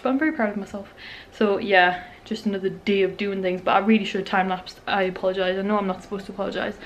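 A woman's voice: mid-range voice, slight background noise. A young woman, talking casually to her camera at home in a rambling, chatty way. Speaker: vlogger. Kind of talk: casual home vlog chat. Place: at home, indoors.

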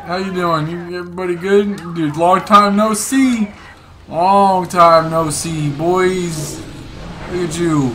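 A young man streaming a game, excitedly commenting, swearing and repeating words to himself. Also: sits high, a little hiss or hum. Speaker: gaming streamer. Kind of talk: casual gameplay commentary.

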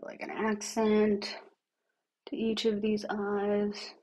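A woman livestreamer with a raspy, smoker-like voice and a lingering cough, chatting casually through a makeup tutorial and narrating each step as she works, sometimes dropping to a near-whisper. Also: medium pitch, completely flat delivery, slow, dark tone. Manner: chatty, thinks aloud while working, drops to near-whispers.

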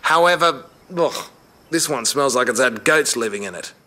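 A man's voice: mid-range voice, animated, normal speed, sharp tone. An actor playing an eager male car-hunting sidekick with an Australian accent, an awed and chatty car enthusiast in video game dialogue. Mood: excited.

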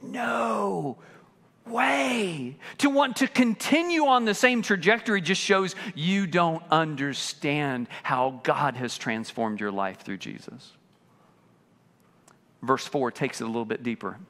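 Male pastor, high lively voice, bright tone, unhurried sermon, long church reverb. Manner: animated preaching, acting out quoted voices. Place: church sanctuary.

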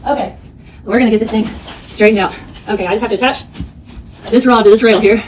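A woman's voice: a little high, steady tone, fast talker, darkish tone, far from the mic, a little hiss or hum, poor audio. A woman hosting a casual home vlog, narrating a product assembly in a rambling way with lots of fillers, indoors at home. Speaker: product reviewer.

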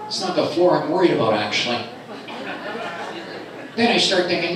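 A middle-aged man doing a stand-up set at a comedy club, telling stories animatedly and jumping into high squeaky voices for other people. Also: animated, normal speed, long pauses. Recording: live club recording from a distant mic, with an echoey room and crowd noise. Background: audience laughter.

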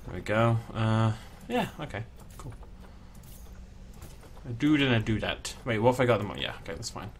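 A man's voice: on the low side, expressive, moderate pace, long pauses, slight background noise. A young man giving casual commentary as he plays a zoo game, chatting and cooing at the animals. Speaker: gaming channel host.

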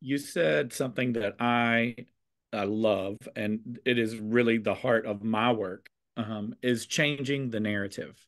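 A man with a clear Southern American accent, talking in a relaxed, expressive way, with a touch of sass in his delivery. He sounds like a teacher chatting over a video call, mid-pitched for a man. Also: a little slow. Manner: expressive, a bit sassy, warm storytelling. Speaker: teacher and conversation host. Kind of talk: casual video chat.

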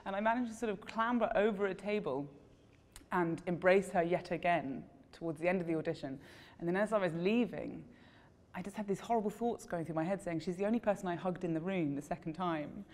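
A woman, an actor, telling a self-deprecating story about an audition in a casual, animated way, laughing at herself. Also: lowish voice, a little fast, long reverb tail. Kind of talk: casual anecdote to camera.

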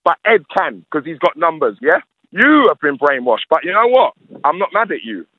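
A man's voice: a little high, very animated, normal speed, no room sound, narrow, tinny audio. A man, a radio interview guest who rants emphatically and repeats his points. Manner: ranting, emphatic, repeats himself. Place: radio studio.

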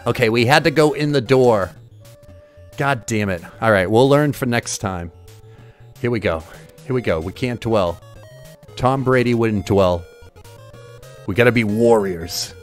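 A man streaming retro games and commenting casually, excitable and jokey, swearing often as he plays. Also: mid-range voice, measured pace, pauses often, soft background music.

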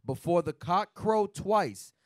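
A man with a somewhat raised pitch reads old-style scripture aloud in a Bible class, steady and measured, stumbling now and then. The recording is dry and close. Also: dry recording.

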